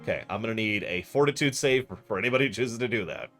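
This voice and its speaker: Low-voiced man running a tabletop game. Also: expressive, quick pace, a bit bright, faint music behind. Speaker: game master.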